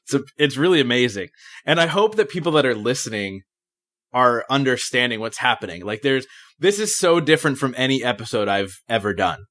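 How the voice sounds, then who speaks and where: A man's voice: medium pitch, animated, a little fast, a bit bright. A man hosting an interview podcast, speaking in an earnest, eager way. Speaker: podcast host. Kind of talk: casual interview talk.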